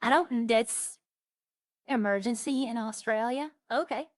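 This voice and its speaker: A woman's voice: fairly high pitch, measured pace, dry recording. A woman chatting casually on a roleplay stream, rambling through funny stories and imitating the people she quotes.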